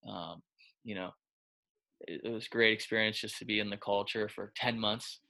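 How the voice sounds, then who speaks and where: A man's voice: lowish voice, fairly even intonation, normal speed, creaky, sharp tone. A man who coaches quarterbacks, telling stories in a casual interview in a loose, chatty way, full of filler words. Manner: loose and chatty, heavy with filler words, acts out quoted lines.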